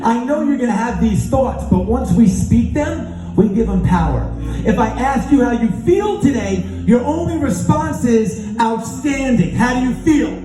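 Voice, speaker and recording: A man's voice: extremely high pitch, lively intonation, unhurried. A man giving a motivational speech on a conference stage, telling a story with acted-out dialogue and call-and-response chants. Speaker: keynote speaker. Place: large conference hall on stage. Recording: echoey hall with music.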